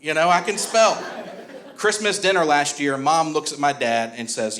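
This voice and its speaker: A man's voice: on the high side, lively intonation, normal speed, bright, forceful tone. A man in his twenties performing a stand-up comedy set, chatty and laughing through his jokes while he works the crowd. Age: 20s. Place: comedy club stage.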